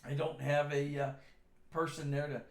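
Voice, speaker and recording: A man's voice: fairly high pitch, little pitch movement, moderate pace, vocal fry. A middle-aged man hosting his own show, telling rambling, darkly funny stories in a casual, self-deprecating way. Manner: dark-humored, self-deprecating, chatty. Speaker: show host. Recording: echoey room.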